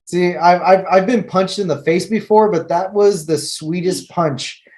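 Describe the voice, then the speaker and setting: A man's voice: high voice, unhurried, darkish tone, poor audio. Laid-back joking man on a podcast. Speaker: guest. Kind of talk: casual podcast storytelling.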